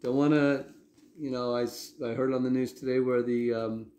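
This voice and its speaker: Male pastor, mid-pitched, talky sermon style with frequent check-ins, roomy echo. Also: flat delivery, moderate pace, mellow. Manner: conversational preaching with frequent "okay?" asides.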